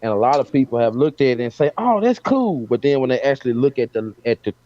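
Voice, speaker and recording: Mellow-voiced man from Alabama. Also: mid-range voice, fairly even intonation, quick pace, lo-fi sound. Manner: repeats words, says "you know what I'm saying". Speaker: podcast guest. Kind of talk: casual chat.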